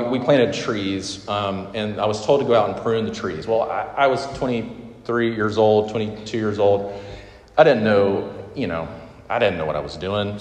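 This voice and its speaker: A man in his thirties preaching a sermon as a pastor, earnest, often dropping to soft, emphatic endings. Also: fairly low pitch. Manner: earnest, drops to soft emphatic lines at phrase ends. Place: large hall with audience. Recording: echoey hall sound, roomy reverb.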